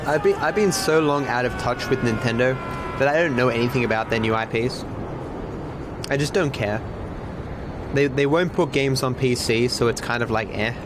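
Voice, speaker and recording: A man's voice: medium pitch, normal speed, noisy background. An Australian man giving casual livestream gaming commentary, candid and self-deprecating, swearing freely. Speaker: streamer.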